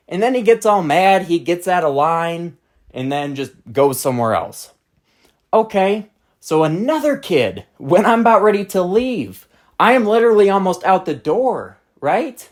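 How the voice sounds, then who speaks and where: Host, storytime rant, exasperated and blunt, pitch swinging widely, mid-height voice. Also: big pitch swings, normal speed. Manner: exasperated, blunt, profane ranting. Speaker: channel host.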